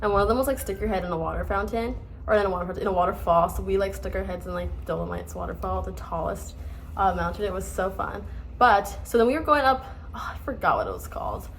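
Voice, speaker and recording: A woman's voice: medium pitch, animated, fast talker, vocal fry, a little hiss or hum. A young woman from the United States in her twenties, casually telling stories to the camera with lots of fillers and restarts. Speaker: vlogger.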